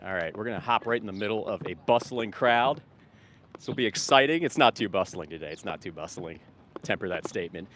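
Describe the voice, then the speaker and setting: A man's voice: on the low side, a bit bright, a little hiss or hum. A man recording a casual vlog outdoors on a town street while doing vegan outreach. He talks in a rambling, upbeat way with many fillers and restarts. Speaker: vegan street activist and vlogger.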